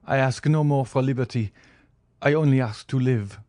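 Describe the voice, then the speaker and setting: A man's voice: moderate pace, dark tone, no room sound, clean studio sound, lightly acted. A man voicing a starving old male banker held prisoner, pleading in a raised, desperate voice. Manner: desperate, high-pitched begging.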